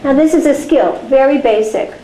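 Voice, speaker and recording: Animated woman teacher in an echoey room. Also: high-pitched, normal speed. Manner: animated, chatty storytelling. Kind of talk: teacher training lecture with storytelling. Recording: echoey room with faint noise.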